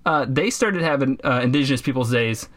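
A man co-hosting a casual podcast, talking in a sarcastic, profane way and jumping into high mocking voices for the people he quotes. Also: animated, brisk, a bit bright. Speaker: podcast co-host.

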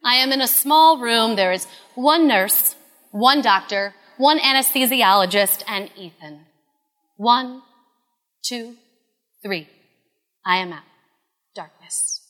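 A woman in her thirties telling a personal story in an earnest, confessional way, often dropping to a hush. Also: on the high side, animated, slow, pauses often, in a large hall. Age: 30s.

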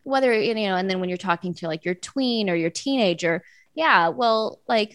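A woman's voice: mid-range voice, lively intonation, moderate pace, clean tone, no echo. A woman, probably in her thirties, giving casual, earnest parenting advice in an interview, with frequent fillers and restarts. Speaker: parenting guest.

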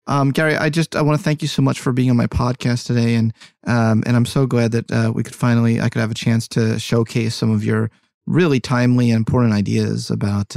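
A man's voice: mid-range voice, creaky, a little mellow, no echo, clean studio sound. A man hosting an interview podcast, mostly affirming his guest with short responses before closing the episode. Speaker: podcast host.

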